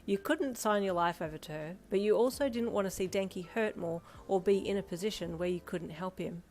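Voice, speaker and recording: A woman's voice: mid-range voice, a little fast. Woman narrating a second-person story. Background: soft backing music.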